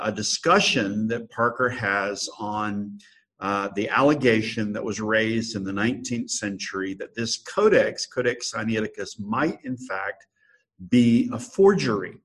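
Husky-voiced pastor, measured talk. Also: male voice, on the low side, a bit bright, low-quality recording. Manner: measured, frequent "uh" hesitations. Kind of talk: podcast monologue.

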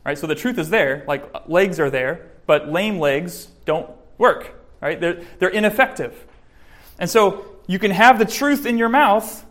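A man giving a sermon, preaching in a lively, joking way with lots of rises and drops in voice. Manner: lively, joking preaching, varied pitch and loudness. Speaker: pastor.

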